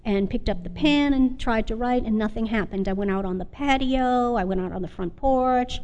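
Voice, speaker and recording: A woman tells her recovery story in an earnest, reflective way, stopping often to gather her words with fillers. Her voice sits a little on the higher side. It rings out with the long reverb of a big room. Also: a little mellow, muffled recording. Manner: halting, with many pauses and fillers. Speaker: Al-Anon member sharing her story. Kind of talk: personal testimony.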